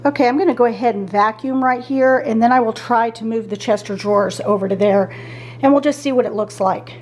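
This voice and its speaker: A middle-aged woman with a slightly high, darkish voice speaks briskly while vlogging casually from her bedroom as she tidies. She thinks aloud and chats with her viewers while weighing her choices, with slight background noise.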